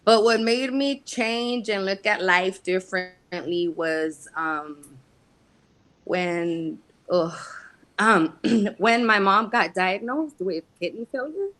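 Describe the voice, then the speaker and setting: A woman guest in an interview, telling her life story frankly with streetwise slang and halting pauses. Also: mid-range voice, a bit bright, low-quality recording. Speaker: guest, casting company founder. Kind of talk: candid personal storytelling in interview.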